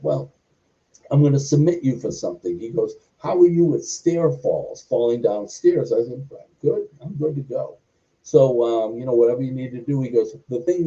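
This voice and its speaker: Heard through distant, muffled audio, this mellow, mid-range voice belongs to a middle-aged former wrestler and stuntman from Boston. Guesting on an interview, he tells a long, meandering tale, wandering into tangents and performing the quoted lines.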